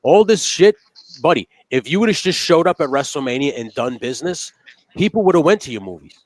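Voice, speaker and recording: A man's voice: fairly high pitch, very animated, fairly quick, no echo. Fired-up, swearing male podcast host. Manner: heated, profane ranting. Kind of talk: casual wrestling chat.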